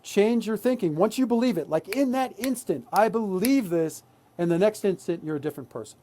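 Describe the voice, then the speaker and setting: A man's voice: high voice, lively intonation, fast, mellow, slight background noise. An adult man presenting a live workshop, talking earnestly and often checking in with "right?". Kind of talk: live online workshop talk.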